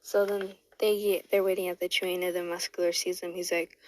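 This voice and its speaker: A woman's voice: fairly low pitch, little pitch movement, fairly quick, darkish tone, poor audio. A woman telling a fan story in a casual, rambling way, restarting often and saying "like" a lot.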